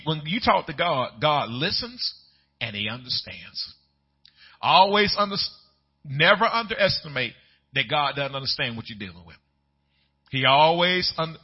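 A man preaching a sermon in a conversational style, swinging from quiet asides up to loud, excited peaks. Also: medium pitch, slightly rough, lo-fi sound. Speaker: pastor.

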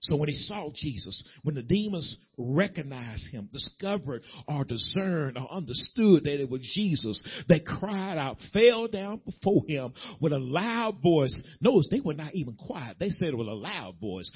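A man's voice: fairly high pitch, very animated, normal speed, hardly any pauses, husky, lo-fi sound. A man preaching a sermon in a folksy, emphatic way, addressing the congregation directly in a church sanctuary. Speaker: pastor.

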